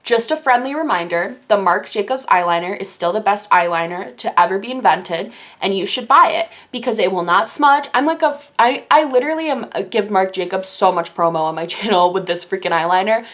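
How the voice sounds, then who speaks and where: Gushing young woman reviewing makeup. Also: medium pitch. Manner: gushing, animated, quick bursts of enthusiasm. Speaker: beauty YouTuber. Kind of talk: casual product review.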